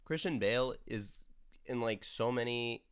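A man's voice: mid-range voice, measured pace, clear, resonant tone. A man in casual conversation, talking enthusiastically about a movie, often restarting his sentences and laughing. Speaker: co-host reviewing a film. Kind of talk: casual chat.

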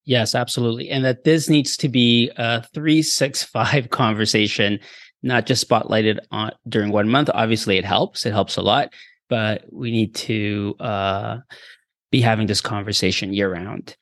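A man's voice: lowish voice, steady tone, normal speed, dry recording, studio quality. A man hosting a podcast interview, affirming his guest and closing the episode. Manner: warm affirming, wraps up the show. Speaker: podcast host.

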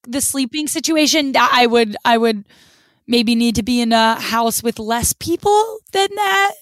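Woman co-host, fairly high voice, rambly filler-heavy chatter. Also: expressive, measured pace, no echo. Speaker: podcast co-host. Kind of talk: casual chat.

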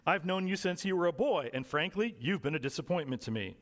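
A man's voice: fairly high pitch, lively intonation, fairly quick, a little hiss or hum, natural voice. A man voicing a blunt, scolding older woman witness in a sermon story, recorded in a reverberant hall. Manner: frank, scolding.

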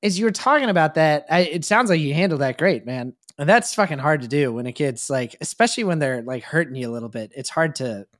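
A man's voice: a little high, expressive, fast talker, hardly any pauses, a bit bright. A man co-hosting a parenting podcast, explaining ideas in a reflective, casual way with frequent fillers and some swearing. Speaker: podcast co-host. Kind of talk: casual chat.

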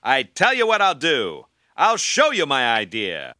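Brief: a smooth cartoon huckster, bright and unhurried. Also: male voice, huge pitch swings, no room sound, studio quality, heavily acted. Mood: slick, persuasive. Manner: slick, showy pitchman. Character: smooth-talking male salesman con man. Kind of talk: cartoon voice acting.

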